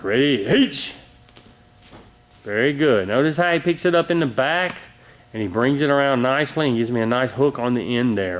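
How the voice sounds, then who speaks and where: A middle-aged man teaching martial arts kicks on video, calling out commands loudly and checking in with "all right?". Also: medium pitch. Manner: calls out commands loudly and coaches with frequent "all right?" and "okay?". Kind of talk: teaching a kicking class on video.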